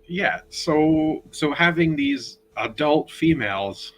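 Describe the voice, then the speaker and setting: A man joining a casual fan chat as a guest, measured and a bit hesitant with a dry wit. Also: a little high, animated, slight background noise, low-quality recording.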